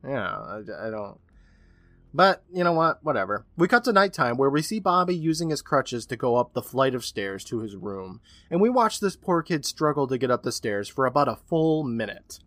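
A man with a mid-range voice co-hosts a podcast, recapping an episode at normal speed in casual chat. He tells it in an animated way, acting out the lines he quotes. The recording is dry.

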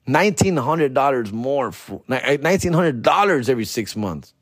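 A man hosting a comedy podcast and telling a profane, slangy story, dropping in Spanish slang and jumping high in pitch when he quotes himself. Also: very animated, normal speed, no room sound, clean studio sound. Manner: jumps high in pitch for his own quoted outbursts. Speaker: podcast host.

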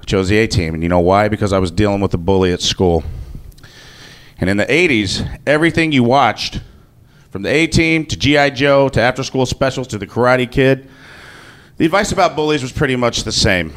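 A man's voice: medium pitch, fairly bright tone, smooth. A man telling a personal story to an audience in a casual, joking way, swearing freely. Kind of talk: live comic personal storytelling.

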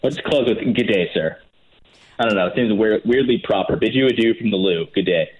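A man co-hosting a podcast in casual chat, chatty and quick to laugh. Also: on the low side, lo-fi sound, slight background noise. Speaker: podcast co-host.

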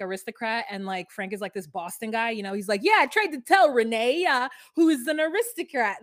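A woman co-hosting a podcast, casually retelling a story with animated, jokey quotes of the people in it. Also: mid-range voice, no echo, clean studio sound. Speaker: podcast co-host.

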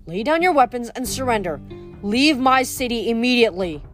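A fussy, pompous male statue god, put on by a woman reading aloud scolds in a raised, indignant voice. He talks down to everyone like a prim teacher. Soft music plays faintly behind. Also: fairly high pitch, lively intonation, moderate pace.

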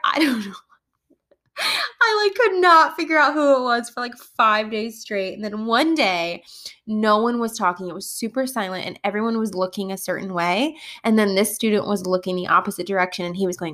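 A woman's voice: mid-range voice, a little fast. A woman who is a kindergarten teacher, casually telling funny classroom stories with lots of laughter. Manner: animated, laughs often while telling stories. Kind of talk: casual storytelling podcast.

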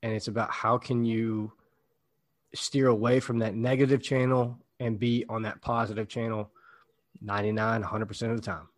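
A man's voice: lowish voice, level tone, normal speed. A man co-hosting a casual podcast, speaking in an affirming, motivational way and often repeating words as he starts a sentence.

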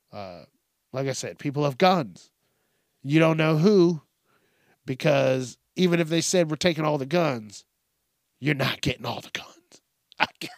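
Podcast guy ranting and cussing, kinda high voice, dry close mic. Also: gravelly, no room sound. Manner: profane, animated storytelling. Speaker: podcast host. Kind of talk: casual monologue.

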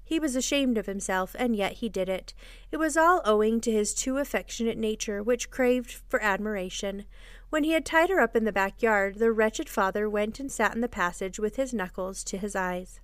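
A woman host reading a children's classic aloud in an expressive, measured storybook style. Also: mid-range voice, smooth, dry recording, studio quality. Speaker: podcast host and reader. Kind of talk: storybook narration.

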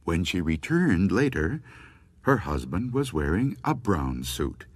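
A man reading scary stories aloud, slow and expressive. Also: deep voice, husky, no room sound. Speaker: storyteller.

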